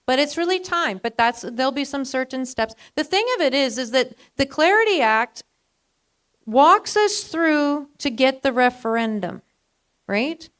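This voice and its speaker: A woman's voice: high-pitched, lively intonation, a little slow, a bit bright. A woman from Alberta speaking on a live panel in a chatty, sarcastic way, full of "like" and "um". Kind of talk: live public panel talk.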